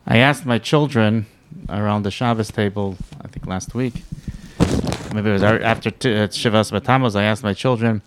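A man's voice: fairly low pitch, moderate pace, slight background noise. A man interviewing a rabbi, thinking aloud in a hesitant, thoughtful way. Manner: thoughtful, hesitant, many restarts. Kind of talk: conversational interview.

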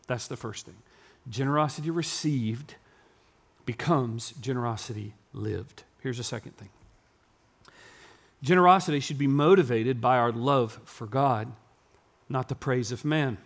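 A man, preaching a sermon to his congregation in a church and building to loud, yelling emphasis. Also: mid-range voice, animated, normal speed. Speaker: pastor. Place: church sanctuary.

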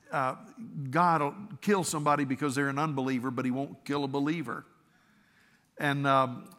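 A bright, forceful male pastor preaching in an earnest, conversational way, with a slightly higher voice than most men. He often stammers and restarts his phrases. His voice rings out with a long hall reverb. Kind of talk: sermon.

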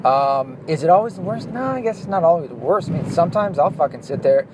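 Man, slightly high voice, foul-mouthed opinionated rant, recorded in a car with faint road noise. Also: lively intonation, fast. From Southern US, Arkansas. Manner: profane, blunt, opinionated. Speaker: vlogger. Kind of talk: ranting monologue while driving. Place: inside a car, driving. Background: faint car and street noise.

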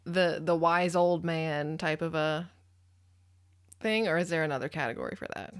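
A woman's voice: low voice, normal speed. A woman co-hosting a casual podcast chat, adding examples and pushing back on points. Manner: chatty, adds examples and objections. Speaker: podcast co-host.

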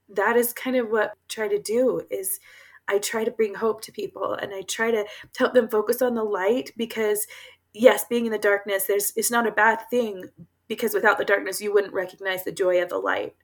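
On an interview show, a guest author shares her personal stories earnestly and casually, with plenty of fillers and laughter. Her medium-pitched voice keeps a steady tone at a moderate pace.

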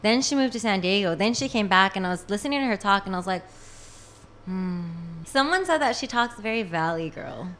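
Expressive woman telling a story. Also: medium pitch, fast, few pauses, a little hiss or hum. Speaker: co-host. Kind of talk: casual chat.

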